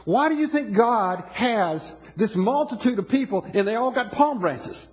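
Male pastor, high and very husky voice, talks through his sermon casually and quizzes the congregation, faint music behind. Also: expressive. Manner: conversational, asks the congregation questions, halting restarts.

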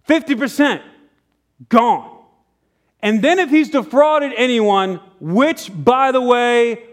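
A man preaching a sermon in church, telling a story with acted-out dialogue and sudden drops to a near whisper. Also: sits high. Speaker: pastor. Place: church sanctuary.

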